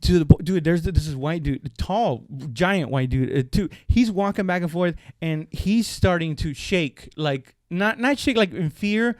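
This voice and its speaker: A man co-hosting a comedy podcast, telling a long street story in casual chat and acting out the shouted lines of the people in it. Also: fairly high pitch, moderate pace, few pauses, no echo, clean studio sound. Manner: animated storyteller, acts out shouted quotes, profane. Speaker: podcast co-host.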